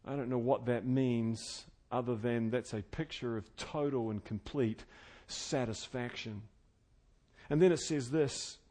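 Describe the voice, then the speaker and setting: A man preaching an expository sermon, earnest and conversational, swinging between loud fervent emphasis and quiet intimate tones. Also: mid-range voice, measured pace. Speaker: pastor.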